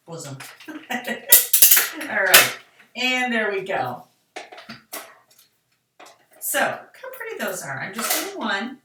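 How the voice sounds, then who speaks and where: A woman's voice: on the high side, creaky, very noisy. Chatty woman in an echoey craft room. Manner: chatty, talks to herself while working. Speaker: card-making tutorial host. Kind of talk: casual craft demonstration. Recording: echoey room, mic at a distance.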